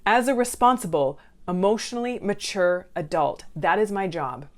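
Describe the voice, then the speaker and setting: A woman's voice: mid-range voice, lively intonation, moderate pace, hardly any pauses. A woman counsellor giving advice to viewers in a direct, conversational way. She asks them questions and acts out lines they might hear. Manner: acts out what family members say.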